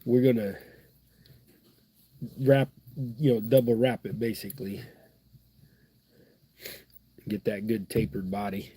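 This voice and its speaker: Stuffed up middle-aged guy rambling folksy while he ties flies, husky mellow voice, dry sound. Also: lowish voice, little pitch movement, slow pace, pauses often. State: stuffed-up nose. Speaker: fly-tying livestream host. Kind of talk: casual live fly-tying chat.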